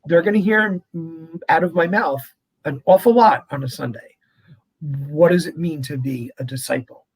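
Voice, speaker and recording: Man, priest, husky voice, higher pitch, chatty animated interview talk. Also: normal speed, rough recording. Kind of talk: conversational interview.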